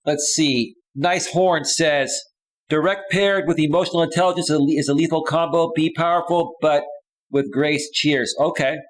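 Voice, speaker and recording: A male dating coach talks through a live stream, reading viewers' chat comments aloud and answering them in an emphatic, conversational way. His voice sits a bit higher than most men's. He keeps checking in with "right?" as he makes his points. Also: fairly even intonation, moderate pace. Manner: emphatic, repeats "right?" often.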